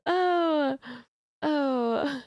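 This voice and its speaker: A woman's voice: very high-pitched, dry recording, studio quality. A young adult woman streamer chatting casually with her audience, giggly and playfully teasing. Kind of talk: casual live-stream chat.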